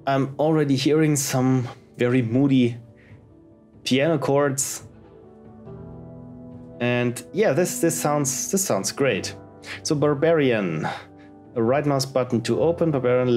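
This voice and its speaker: A man's voice: medium pitch, darkish tone. A man casually commenting while he plays indie games, reading on-screen text aloud in a chatty way. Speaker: let's play host.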